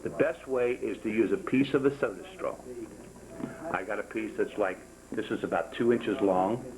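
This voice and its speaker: A man's voice: fairly low pitch, normal speed, rough recording. An older man demonstrating how to make a rosary to a small class, folksy and jokey, repeating himself and counting steps aloud. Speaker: rosary-making instructor. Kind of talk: hands-on craft demonstration.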